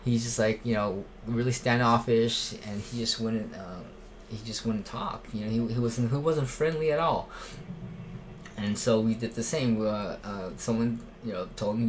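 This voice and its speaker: A man's voice: mid-range voice, moderate pace. A man speaking off the cuff about watching for threats at church, with a mid-range voice. He rambles, restarts sentences and leans on fillers as he tells it. A faint hiss of noise sits under the recording. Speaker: church safety volunteer. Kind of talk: casual unscripted talk.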